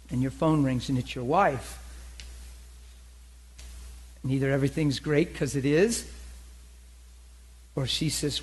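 A male pastor preaching a sermon, telling stories in an animated way and acting out the dialogue. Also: medium pitch, slightly rough, rough recording. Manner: animated storytelling, acts out dialogue.

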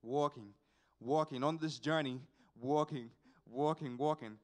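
A young man, telling a personal testimony at a church service in an animated, repetitive storytelling way with sighs and asides. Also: fairly high pitch, a little slow. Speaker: church member giving a testimony.

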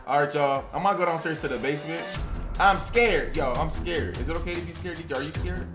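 A woman doing excited gameplay commentary as a family YouTuber playing a video game with her child. She talks loudly and jumpily, often yelling in fright and chatting to her viewers. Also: low-pitched, a little fast. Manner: jumpy and loud, shrieking and yelling when scared, chatting to viewers. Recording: roomy sound with game music behind.

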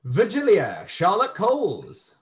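Effusive high-voiced male host. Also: huge pitch swings, takes it slowly. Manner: effusive, upbeat compère. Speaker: host and director. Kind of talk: live online show wrap-up. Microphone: video call.

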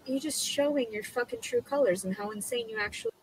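A woman's voice: high-pitched, sing-song, fast talker, vocal fry, a little hiss or hum, low-quality recording. A woman in a played social media clip, ranting angrily with profane, accusatory outbursts. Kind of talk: angry ranting monologue.

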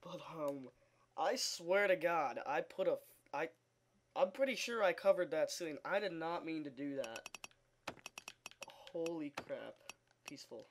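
A man's voice: fairly high pitch, lively intonation, unhurried. A young man giving casual, rambling game commentary, full of fillers, restarts and laughter, into a sound recorder. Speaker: gaming video host.

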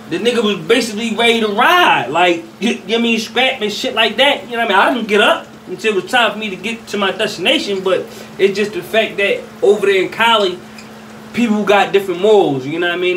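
A man's voice: high-pitched, a little fast, fairly bright tone. A young man from Philadelphia telling a street story casually, rambling with street slang and constant "you know what I mean". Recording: slightly distant mic with faint ambient noise.

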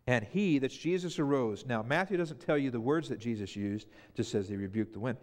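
A man preaching a sermon as pastor, telling the story with lively emphasis and acting out the disciples' cries. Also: medium pitch, a little fast, hardly any pauses. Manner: animated storyteller, acts out the disciples' panic. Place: church sanctuary. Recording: church hall reverb.

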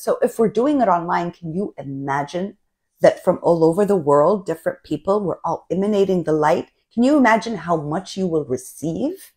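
A woman's voice: medium pitch, a little mellow. A woman spiritual coach giving an enthusiastic, casual talk about self-love and collective energy, often checking in with "right?".

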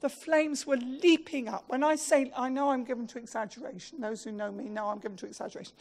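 Animated woman giving a eulogy. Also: a little high, quick pace. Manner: animated, self-mocking storytelling with laughs. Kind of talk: funeral eulogy.

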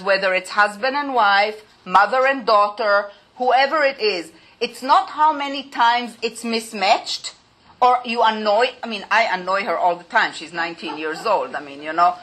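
Middle-aged woman lecturer, conversational, bright, slightly high voice. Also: poor audio. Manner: conversational, explains with acted examples. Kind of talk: informal lecture.

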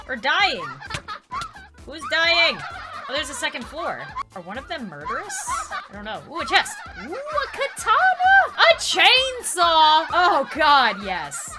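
A woman giving excitable let's play commentary, squealing and laughing often as she plays. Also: on the high side. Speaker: gaming YouTuber.

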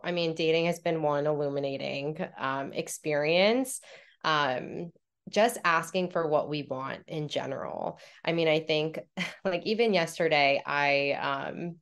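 A young woman guest on a podcast, chatting casually and acting out her own inner dialogue in animated stories. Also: low-pitched, clean tone. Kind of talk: casual conversational storytelling.

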